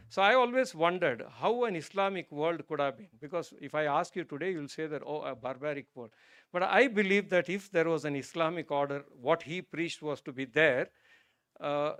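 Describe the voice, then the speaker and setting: Speaking at a normal pace in an animated voice on the high side, a guest speaker from India addresses an auditorium audience about religion. He shares a story that moves him, turning emotional and soft, before driving home emphatic points. There's no room sound.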